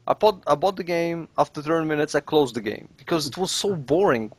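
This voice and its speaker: A man hosting a casual podcast chat about gaming, animated, with casual swearing and acted-out reactions. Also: fairly high pitch, brisk, no echo. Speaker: podcast host.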